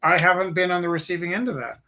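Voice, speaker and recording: A man hosts a live art stream in a loose, rambling chat, poking fun at himself as he tells a story. His voice sits a little high for a man. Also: quick pace, crowd noise. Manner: rambling storyteller, self-deprecating. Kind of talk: casual chat.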